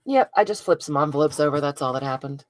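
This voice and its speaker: A woman with a low voice hosts a live craft stream from home. She chats easily with viewers by name and laughs at her own slips. A faint hiss sits under the recording. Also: fast. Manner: chatty, self-deprecating, talks to viewers by name. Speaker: craft video host.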